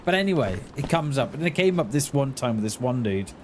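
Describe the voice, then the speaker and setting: A man in his forties chatting casually on a gaming livestream, rambling and halting, often restarting his words and answering his viewers in a friendly way. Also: mid-range voice, sing-song. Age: 40s. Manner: talks back to chat in a friendly, reassuring way. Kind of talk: casual livestream chat while playing. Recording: noisy home stream recording.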